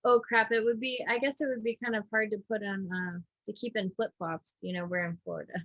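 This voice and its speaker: A woman co-hosting a casual chat, chatty and quick to laugh along. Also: mid-range voice, fairly even intonation, fairly bright tone, highs cut off, a little hiss or hum. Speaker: co-host.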